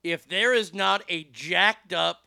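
Man co-host, high gravelly voice, bright tone, profane ranting chat, dry sound. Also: slow pace, no room sound. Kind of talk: casual chat.

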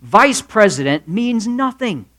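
A male preacher voicing an exasperated wife who is deflating her bragging husband with a sharp, teasing put-down. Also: mid-range voice, sing-song, takes it slowly, voice pushed up.

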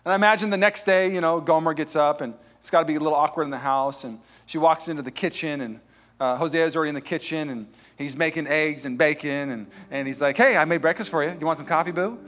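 A man's voice: a little high, fairly even intonation, fast, a bit bright. A man preaching a sermon as pastor, telling a story with the characters' dialogue acted out. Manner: storytelling preacher who acts out dialogue and builds to impassioned, raised delivery. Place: church.

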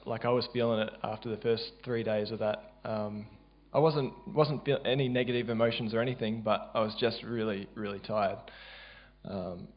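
Speaking in a middle-pitched voice over a dull, lo-fi recording, an Australian man gives a church testimony. His delivery is loose and hesitant, full of filled pauses and frequent restarts.

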